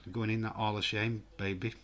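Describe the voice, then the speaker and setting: A man giving casual, excitable live football commentary and reading out viewer comments. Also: on the low side, fairly quick. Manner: chatty, excitable, reads viewer comments aloud. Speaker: host of a live football watch-along.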